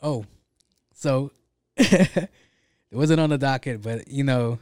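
A man's voice: mid-range voice, slow pace, darkish tone, dry recording, studio quality. Profane, laid-back young man. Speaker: podcast host. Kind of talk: casual storytelling monologue.

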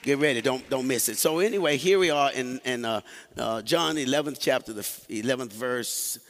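A male pastor delivers a sermon in a church sanctuary, mixing folksy jokes with call-and-response to the congregation. His voice sits at a middle pitch. A long hall reverb trails behind each phrase. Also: normal speed.

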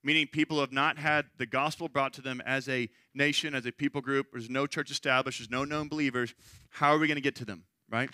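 A man's voice: mid-range voice, fairly even intonation, fairly quick, pushed and bright, no room sound. A middle-aged man preaching a sermon, talking in a conversational storytelling way and checking in with "right?". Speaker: pastor.

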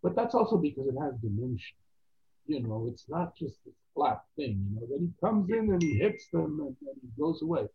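A man telling stories as an actor guest in a casual interview, animated and quoting other people's voices. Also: fairly high pitch, a little fast, vocal fry, slightly rough. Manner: animated anecdotes with quoted voices. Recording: tinny phone-like line.

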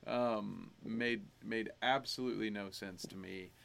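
Podcast co-host, young adult man, lowish voice, animated, rambling. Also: a little slow, vocal fry. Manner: animated, rambling, laughs often. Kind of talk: casual movie review chat.

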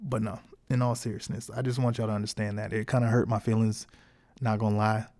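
A man hosting his own podcast in a casual solo monologue. He talks frankly and encouragingly, in relaxed everyday slang. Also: lowish voice, fast. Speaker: podcast host.

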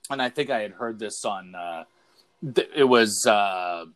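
A man's voice: lowish voice, measured pace, a bit bright, clear, resonant tone. A man co-hosting a casual podcast chat, telling a rambling story with lots of fillers and restarts. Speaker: podcast co-host.

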